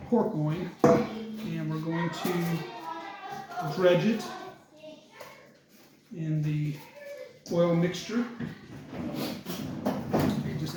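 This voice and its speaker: Very noisy audio captures a man with a fairly high-pitched voice teaching cooking in an echoey, clattering kitchen. Chatty and easygoing, he talks to the "folks" watching as he chops and preps his ingredients.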